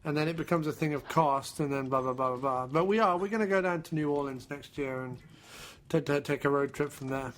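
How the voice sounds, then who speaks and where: A man's voice: fairly high pitch, a little fast. A man from England, co-hosting a joking film commentary. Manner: joking, chatty, does silly voices. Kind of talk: casual jokey commentary.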